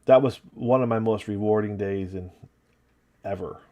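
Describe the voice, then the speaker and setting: Low-voiced upstate New York man, relaxed. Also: moderate pace. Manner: relaxed, rambling, talking while working and reading chat. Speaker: livestream host painting miniatures. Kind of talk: casual livestream chat.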